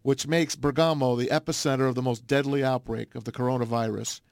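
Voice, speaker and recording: A man co-hosting a casual sports talk show, relaying a news story in an animated way. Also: mid-range voice, fairly quick, dry recording. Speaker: co-host. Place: Detroit.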